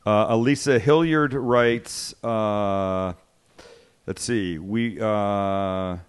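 A man's voice: on the low side, very slow, smooth. A middle-aged man hosting a cooking podcast, chatting casually and joking while he reads out listener mail. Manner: jokey, casual, swears freely. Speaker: cooking show host.

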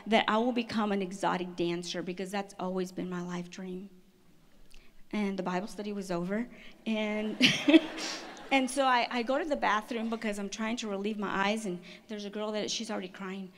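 Woman giving a lively testimony talk. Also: mid-range voice. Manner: lively storytelling, quick restarts and laughs. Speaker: conference speaker. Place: stage at a women's conference.

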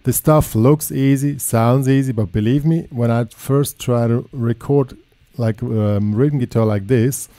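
A man giving a casual guitar lesson, talking in a relaxed, chatty way and counting in and scatting rhythms. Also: medium pitch, measured pace, dry recording. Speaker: guitar teacher. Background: electric guitar playing.

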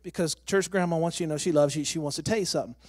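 A high-voiced man gives a heartfelt testimony from a church platform, speaking emphatically and near tears. His voice sounds close and dry, with hardly any room echo. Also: very fast. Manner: excitable, emphatic, breaking toward tears. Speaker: missionary and former pastor. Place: church sanctuary.

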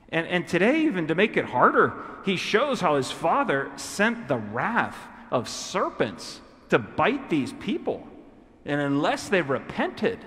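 A man's voice: sits high, big pitch swings, measured pace, fairly bright tone. A priest giving a homily in a loose, conversational way with fillers, growing fervent as he stresses his points. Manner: conversational, many fillers, building to fervent emphasis. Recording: church reverb, long echo.

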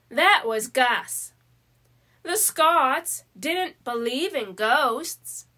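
Slow, bright-voiced woman reading a story. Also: high-pitched. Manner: slow, careful read-aloud delivery. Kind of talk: reading a children's story aloud.

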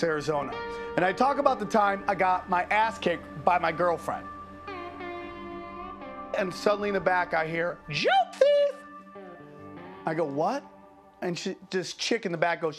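A male stand-up comedian telling a crude, animated anecdote in an interview. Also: high voice. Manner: crude, animated, acts out voices.

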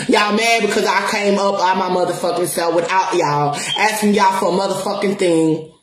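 A spiritual counselor and music promoter faces the camera and rants, cursing, defiant, and pressing the same points with heavy emphasis. Her voice sits in the mid range. A slight hiss or hum runs under the recording, which has a roomy echo.

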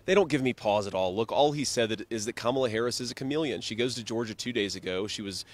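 A man's voice: mid-range voice, quick pace. A middle-aged male politician answering a reporter's questions in a firm, insistent way. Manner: firm, insistent, repeats talking points. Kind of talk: news interview answers.

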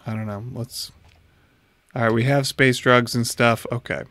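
During a casual home livestream of a space game, a man in his thirties chats with viewers through a desk mic as he plays. He speaks a little slowly in a steady, mid-range, slightly bright voice, with no echo.

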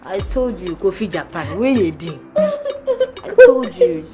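A woman with a Ghanaian accent playing a friend who scolds and then soothes, repeating calming words. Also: medium pitch, slow pace, full character voice. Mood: soothing. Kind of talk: film acting in Twi and English. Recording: echoey hall with loud music.

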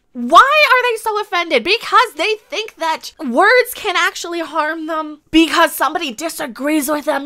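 Brief: exasperated woman, high sharp voice, angry swearing rant. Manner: angry, exasperated ranting with heavy swearing and repetition. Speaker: YouTube commentator. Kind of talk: ranting commentary video.

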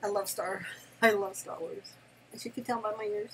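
An older woman and grandmother chatting casually through an unboxing, gushing and excitable, laughing often and squealing with delight at home. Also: medium pitch, moderate pace, slight background noise, poor audio. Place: home, near her desk.

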